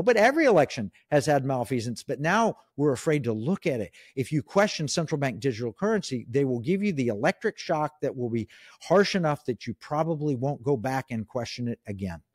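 A man's voice: on the high side, darkish tone, no echo, studio quality. A middle-aged man speaking as a guest in an interview, emphatic and opinionated, with frequent restarts. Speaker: guest, economic commentator. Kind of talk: interview conversation.

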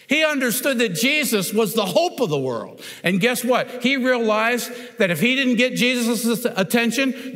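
A man's voice: high voice, a bit bright, long reverb tail. A man preaching a sermon as pastor, retelling a scripture story with dramatic quoted cries. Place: church sanctuary.

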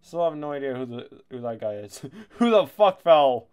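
A man giving casual, excitable commentary over a video game, laughing and swearing often. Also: medium pitch, moderate pace, clear, resonant tone. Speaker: gaming YouTuber.

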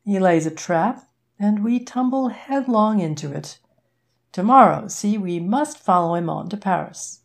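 Shrewd wealthy businessman, measured, deliberate, gravelly, read by a woman. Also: mid-range voice, animated. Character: shrewd wealthy older businessman, quick-tempered.

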